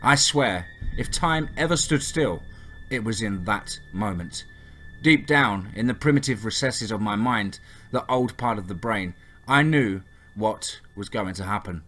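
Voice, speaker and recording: A man's voice: on the low side, a bit bright. A man narrating a first-person horror story in a tense, dramatic reading.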